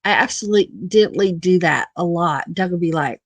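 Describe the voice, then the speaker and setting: A woman's voice: lowish voice, sing-song, moderate pace, fairly bright tone, no room sound. A middle-aged woman hosting a casual live-stream chat, laughing often and repeating her phrases affectionately.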